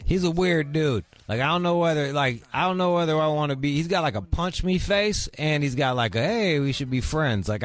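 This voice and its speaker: A man hosting a radio show, talking in a crude, brash, rambling way. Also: on the high side. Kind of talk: casual uncensored radio chat. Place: radio studio.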